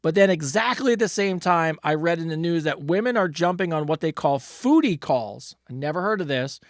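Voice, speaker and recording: A man's voice: a little high, animated, a little fast, no echo, studio quality. A man hosting an advice podcast, reading listener letters aloud and chatting in a bemused, casual way.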